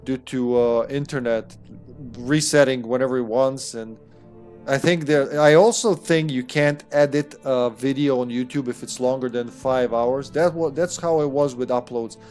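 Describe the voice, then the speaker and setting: Male streamer, mid-pitched, upbeat and chatty, loose swearing, casual home setup. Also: steady tone, normal speed, darkish tone, soft background music. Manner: upbeat, greets chat by name, swears casually. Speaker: streamer and host. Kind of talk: casual live-stream chat while gaming. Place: room at home.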